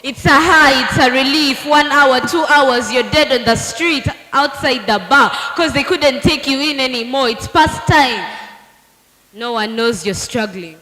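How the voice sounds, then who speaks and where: A woman's voice: high voice, measured pace, slight background noise. A teenage girl performing a dramatic spoken word poem at a live competition. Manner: dramatic, shifting between hushed lines and shouted lines. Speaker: student poet. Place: large hall at a live competition. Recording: roomy hall with echo and faint music.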